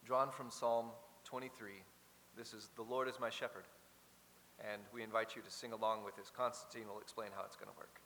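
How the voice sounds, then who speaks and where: A man's voice: on the low side, fairly even intonation, brisk, sharp tone. Earnest man speaking in a reverberant chapel. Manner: earnest, reflective, with small restarts. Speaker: choir leader. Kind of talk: spoken introduction in chapel. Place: large chapel. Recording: hall reverb with faint hiss.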